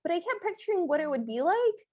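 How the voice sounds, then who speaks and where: A woman co-host with a very high voice that swings up and down a lot as she retells a film. She sounds chatty and amused. The recording is close and dry. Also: very animated, fast, mellow, no echo, lo-fi sound. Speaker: podcast co-host. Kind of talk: casual chat recapping a film.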